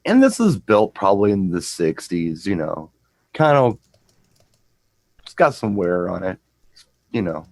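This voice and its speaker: A middle-aged man with a low voice, chatting on a show. He rambles through an anecdote and trips over repeated words. The sound is close and dry. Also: sing-song, measured pace, pauses often, dry recording, rough recording. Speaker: co-host and DJ. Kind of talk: casual chat, storytelling.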